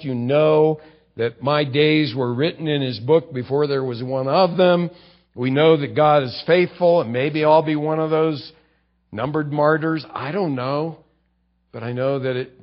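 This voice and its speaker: A man preaching a sermon in a conversational way, acting out short quotes and dropping low for emphasis. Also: lo-fi sound. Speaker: pastor.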